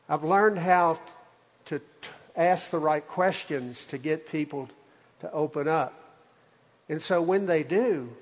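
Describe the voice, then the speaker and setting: Folksy older Southern pastor preaching. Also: male voice, a little high. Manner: folksy, conversational storytelling. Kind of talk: sermon. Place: church sanctuary. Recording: reverberant church hall.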